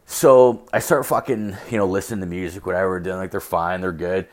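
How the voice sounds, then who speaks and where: Young man, lowish voice, casual podcast monologue, heavy cursing, lots of "like". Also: fairly even intonation, a little fast. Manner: profane, filler-heavy, storytelling.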